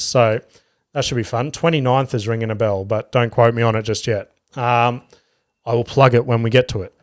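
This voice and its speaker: A stand-up comedian hosts his own podcast, talking casually and swearing freely as he rambles through stories. His mid-range voice is smooth, and the studio recording is clean with no echo.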